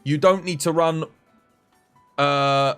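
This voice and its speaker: A man with an English accent, chatting casually on a game livestream and coaching viewers in a relaxed, friendly way. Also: a little high, takes it slowly, clear, resonant tone, soft background music. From England. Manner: relaxed, chatty, addresses chat as mate.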